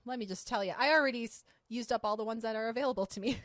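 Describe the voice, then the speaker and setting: A woman's voice: a little high, very fast, a bit bright, no echo, studio quality. A woman co-hosting a podcast in casual chat, bubbly and chatty, laughing often. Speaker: podcast co-host.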